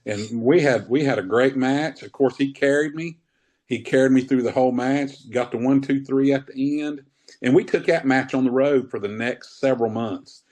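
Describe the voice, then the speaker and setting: Guy in his 50s rambling thru old wrestling stories, easygoing, middle pitch. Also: moderate pace, darkish tone. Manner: rambling, laid-back, says man often. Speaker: wrestler guest. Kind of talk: casual interview storytelling.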